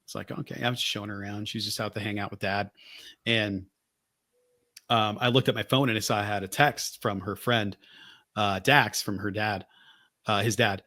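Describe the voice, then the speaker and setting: Male podcast co-host, bright tone, animated storyteller. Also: lowish voice, normal speed. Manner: animated, acts out quoted voices. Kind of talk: casual storytelling.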